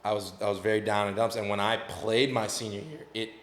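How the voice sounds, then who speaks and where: A man's voice: on the low side, flat delivery, a little fast, fairly bright tone. A young man hosting a podcast, chatting casually with a guest and sharing his own stories. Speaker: podcast host. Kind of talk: casual interview chat.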